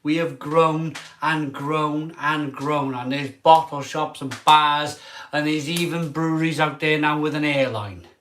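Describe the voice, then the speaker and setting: A man in an emotional vlog monologue as a craft beer reviewer. He sounds tearful and halting, and often trails off mid-sentence. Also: fairly high pitch, steady tone, fairly bright tone, slight background noise.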